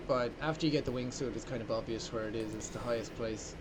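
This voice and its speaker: An Irish man giving gameplay commentary in an older recorded video, earnest and trying to sound animated. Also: mid-range voice, fast, low-quality recording. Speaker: gamer narrating his gameplay.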